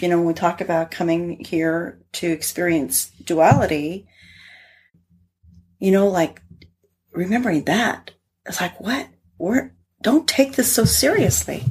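A middle-aged woman talking casually as a podcast guest. Her voice sits a little low with a faint husky edge. She tells stories in an animated way and laughs often. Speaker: guest, integrative therapist. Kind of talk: casual conversation.

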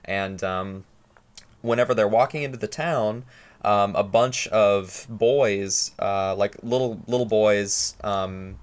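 A man's voice: lowish voice, slow pace. A young man chatting casually on a podcast, rambling with many fillers as he retells a story.

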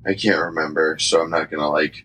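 Low voice guy hosting his podcast, loose and jokey, lots of "like". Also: fairly even intonation, quick pace, pushed and bright, slight background noise. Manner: loose, laughing, swearing, filler-heavy. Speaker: podcast host. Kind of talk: casual podcast chat.

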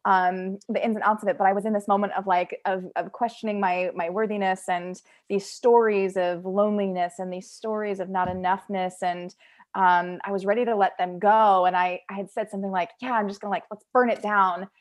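Woman host, casual podcast chat, heartfelt and emotive, mid-pitched voice. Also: level tone, fairly quick.

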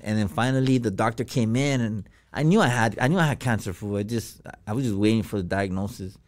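A man's voice: fairly low pitch, brisk. Slangy, profane man telling a story. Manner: slangy and profane, full of fillers. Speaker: podcast guest. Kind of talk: casual storytelling.

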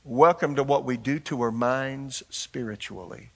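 An older man preaching a sermon as pastor, animated and shifting his delivery, putting questions to the congregation. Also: medium pitch, a little slow, hardly any pauses.

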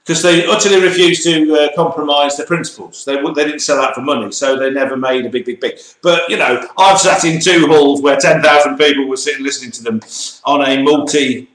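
A man co-hosting a motorsport show, talking in animated, opinionated banter. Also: a little high, fairly quick, echoey room, poor audio. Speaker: co-host. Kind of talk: casual banter.

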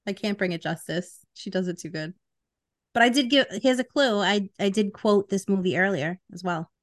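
A woman's voice: mid-range voice, normal speed. A woman co-hosting a podcast, quizzing a guest in casual, teasing chat and laughing often. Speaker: podcast co-host.

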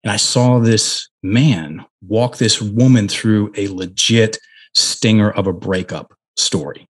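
Interview guest, middle-aged man, husky and a bit low, earnest and halting. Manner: earnest, with frequent restarts and emphatic pauses. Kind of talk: conversational interview storytelling.

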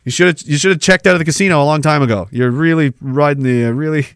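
A man's voice: on the high side, fast talker, fairly bright tone, clear, resonant tone, dry recording, studio quality. A young adult man hosting a casual livestream podcast, reading chat comments and talking bluntly with a combative, swearing manner.

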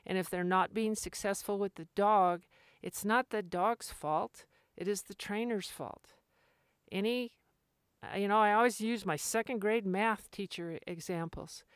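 A woman's voice: medium pitch, measured pace, clean tone, dry recording, clean studio sound. A middle-aged woman who trains dogs, hosting a casual podcast monologue, chatty and laughing often as she restarts her sentences. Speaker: dog trainer and podcast host.

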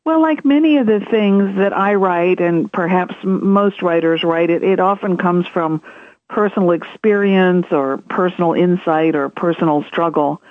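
A woman's voice: lowish voice, moderate pace, no room sound. Woman, author guest, chatty storyteller, tinny phone line, dry sound. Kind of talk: interview conversation.

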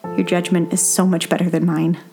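A woman's voice: on the low side, flat delivery, a little fast, dark tone. A woman reading old letters aloud in a tender, earnest way. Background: faint instrumental music.

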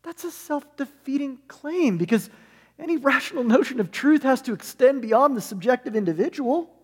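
A preacher putting on a squeaky inner-voice retort. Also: male voice, animated, normal speed, breathy edge, in a large hall, exaggerated voice. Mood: mocking. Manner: high-pitched rhetorical retorts. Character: squeaky man's inner voice of a comedian's audience.

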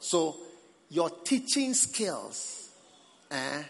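Man preaching in a big echoey church, upbeat and jokey, pitch a bit high, faint room noise. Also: extremely slow, creaky, some chatter behind. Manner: animated, playful, teasing the congregation. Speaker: pastor. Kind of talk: sermon. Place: large church hall. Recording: reverberant hall, faint ambience.

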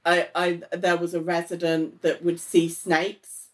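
A woman co-hosting a podcast, talking casually in a thoughtful, halting way. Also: on the low side, completely flat delivery. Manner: thoughtful and halting, with fillers and restarts. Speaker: podcast co-host. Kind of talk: casual chat.

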